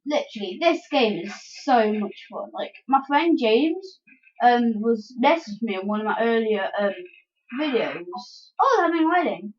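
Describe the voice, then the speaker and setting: A high, excitable woman commentating her gameplay, bursting into yelps and giggly outcries as things go wrong. Her voice sits well above the usual, and the recording sounds dull and lo-fi, like a cheap home mic. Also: moderate pace. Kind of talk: let's-play commentary.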